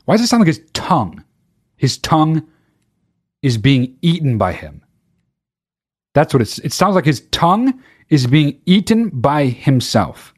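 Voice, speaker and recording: A man's voice: on the high side, sing-song, slightly rough. A man hosting a solo podcast, rambling in casual talk and swearing freely. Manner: rapid, profane, rambling. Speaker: podcast host.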